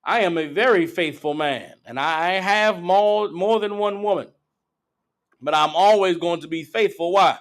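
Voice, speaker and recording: High-voiced guy preaching rough street sermon, cussing, mocking impressions. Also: normal speed. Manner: blunt, profane, mocking impressions of women. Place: meeting hall.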